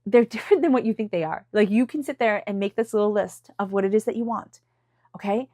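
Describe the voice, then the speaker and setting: A woman's voice: mid-range voice, fast talker, no room sound. Congested lady doing a tarot reading, chatty, whispers sometimes, mid voice, dead dry room. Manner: chatty, emphatic, drops into soft whispers. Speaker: tarot reader. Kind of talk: casual tarot reading to camera.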